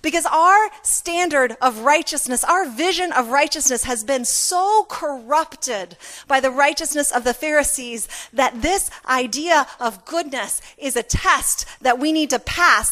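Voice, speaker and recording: Woman, pastor, sermon, conversational, self-deprecating, emphatic repetition, high bright voice.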